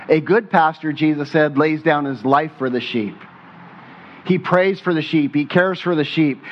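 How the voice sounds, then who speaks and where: A male pastor delivering a sermon in a fairly high voice. He preaches with emphasis, uses rhetorical questions and repeats key phrases. The recording sounds dull and lo-fi. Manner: slows down when quoting scripture.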